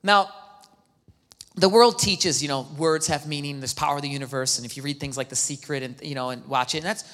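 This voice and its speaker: A man preaching as a pastor, excitable, swinging from hushed asides to near-shouts and acting out quoted dialogue. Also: a little high, fairly quick. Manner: acts out quoted dialogue in the talk. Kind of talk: sermon. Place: church hall. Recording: long hall reverb.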